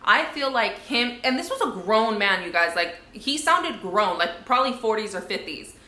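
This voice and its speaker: A woman's voice: medium pitch, big pitch swings, normal speed, pushed and bright, echoey room. Indignant young woman telling a story. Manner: indignant, conversational, many fillers. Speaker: vlogger. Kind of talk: storytime vlog.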